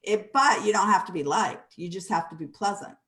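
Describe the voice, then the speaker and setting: A woman's voice: medium pitch, fairly quick, a bit bright, rough recording. A woman co-hosting a radio talk show, speaking in a reflective, encouraging way. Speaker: radio co-host. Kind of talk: casual chat.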